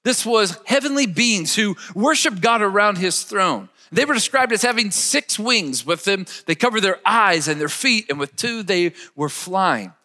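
High, animated preaching man. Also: normal speed, few pauses, big-room sound. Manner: emphatic preaching, leads listeners in call-and-repeat. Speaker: pastor. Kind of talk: sermon.

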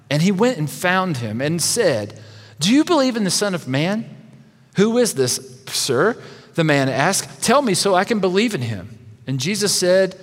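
A pastor preaching a sermon, reading scripture expressively and voicing the quoted speakers. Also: male voice, sits high, fairly bright tone, long reverb tail.

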